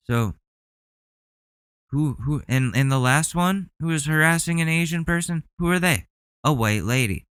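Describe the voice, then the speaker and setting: A man's voice: mid-range voice, fairly bright tone, clear, resonant tone, dry recording. A man hosting a podcast, reacting to videos bluntly and indignantly, swearing often. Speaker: podcast host.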